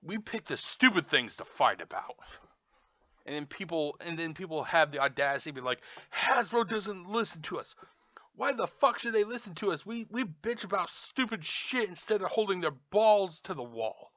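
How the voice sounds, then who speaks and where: Swearing, ranting man with a lively voice. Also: sits high, moderate pace, no echo. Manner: angry, sarcastic, swears constantly. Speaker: toy reviewer. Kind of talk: profane unboxing rant. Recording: dull lo-fi dry sound.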